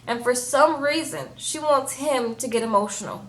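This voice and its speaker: A woman reviewing a reality show in a casual, animated chat, often tagging lines with "okay?" and "baby". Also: high voice, normal speed.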